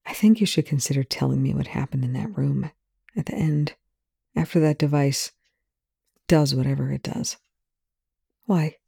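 A reader voicing a gruff male military colonel in a fan fiction reading, quiet and hesitant, with a lowered voice. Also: normal speed, pauses often, no echo, studio quality.

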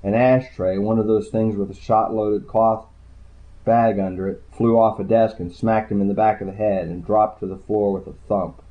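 A man narrating a hardboiled crime story in the first person, with a dry, low-key delivery. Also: fairly even intonation, moderate pace. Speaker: audiobook narrator. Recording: tinny phone-like sound.

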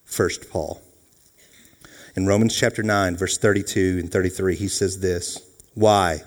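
A man preaching a sermon as pastor, animated and jokey, acting out voices. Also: sits low, measured pace. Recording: long hall reverb.

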